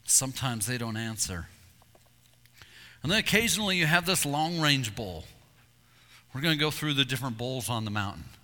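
A man preaching a sermon, telling hunting stories with animated delivery and acting out calls and voices. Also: mid-range voice, normal speed, long pauses. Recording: long reverb in a hall.

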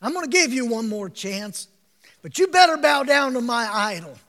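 A man's voice: very high-pitched, big pitch swings, moderate pace, bright, forceful tone, big-room sound, exaggerated voice. A man playing a stern ancient king who delivers ultimatums, in a sermon retelling. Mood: threatening. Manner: menacing ultimatums.

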